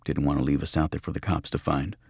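A hard-bitten mercenary speaks in short, grim sentences, as a male narrator plays him. His voice sits very low with a husky texture, recorded close and dry. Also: flat delivery, fast talker, a little mellow, no echo, exaggerated voice. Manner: terse, grim, matter-of-fact. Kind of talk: audiobook reading.

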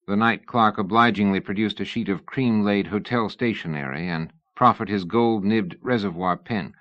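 A man narrating a novel in a measured storytelling manner. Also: fairly low pitch, a bit bright, highs cut off. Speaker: audiobook narrator. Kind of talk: scripted narration.

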